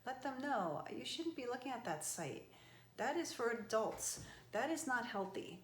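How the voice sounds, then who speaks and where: A woman's voice: on the high side, measured pace. A middle-aged woman motivational speaker giving earnest, emphatic advice straight to camera. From from an Italian family. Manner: earnest and emphatic, with animated outbursts. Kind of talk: direct-to-camera advice talk. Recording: echoey room.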